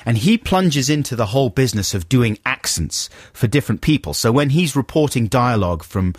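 A man's voice: mid-range voice, animated, brisk, breathy edge, no echo, clean studio sound. A man chatting casually as podcast co-host, speaking with enthusiasm and starting many phrases over. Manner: chatty, enthusiastic, with frequent restarts. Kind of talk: casual chat.

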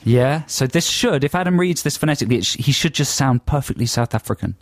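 A man co-hosting a radio show, chatting in quick, animated banter and laughing often. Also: medium pitch, no room sound. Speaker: radio co-host.

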